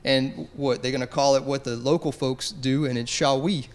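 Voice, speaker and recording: A man's voice: mid-range voice, steady tone, moderate pace. A man representing a cultural organization, speaking casually and easygoing on a panel.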